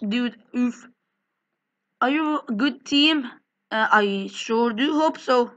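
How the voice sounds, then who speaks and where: A woman with a fairly high voice speaks slowly with long pauses, in a muffled recording. She hosts a gaming channel, giggling and joking with viewers as she plays a casual multiplayer let's-play.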